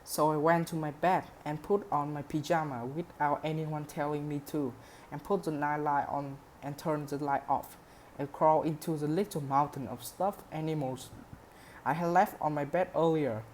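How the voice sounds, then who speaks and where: A woman's voice: deep voice, fairly even intonation, moderate pace, darkish tone, slight background noise. A woman reading a novel aloud steadily, with a few small slips. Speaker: reader.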